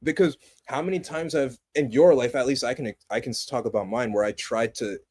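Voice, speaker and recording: A young adult man co-hosting a podcast, chatting casually about a movie in an animated, passionate way that swings from loud excitement to low, earnest tones. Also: fairly quick, husky. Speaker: podcast co-host. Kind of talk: casual movie review chat.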